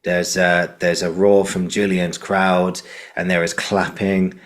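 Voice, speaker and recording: A man's voice: low-pitched, little pitch movement, slow. A man with a southern English accent hosting an interview podcast, talking eagerly in long rambling sentences full of fillers. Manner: enthusiastic, rambling, filler-heavy. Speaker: podcast host.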